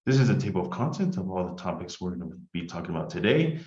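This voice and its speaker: Deep-voiced man presenting on a video call. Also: very animated, a little mellow. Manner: polite, measured, walks through slides. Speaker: immigration lawyer. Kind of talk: webinar presentation. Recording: echoey dull video-call audio.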